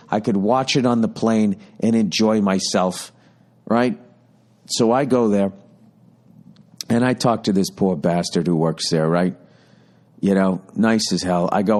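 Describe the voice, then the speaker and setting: A man's voice: lowish voice, a little mellow. A man with a Boston accent in his fifties, hosting a podcast and telling a profane, ranting, self-mocking story. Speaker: podcast host. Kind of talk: rambling comedic storytelling.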